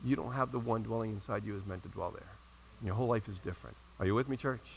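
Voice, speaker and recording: A male pastor preaching a sermon in a church, telling a story and rising to loud emphatic peaks before dropping to quiet asides. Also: lowish voice, fast, gravelly, a little hiss or hum, poor audio.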